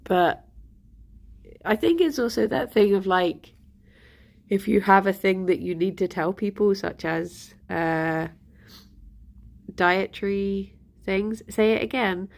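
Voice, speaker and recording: A woman's voice: medium pitch, takes it slowly, vocal fry, long pauses. A young woman chatting casually with her stream viewers, rambling and giggly, sounding a little bunged up. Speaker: livestream host.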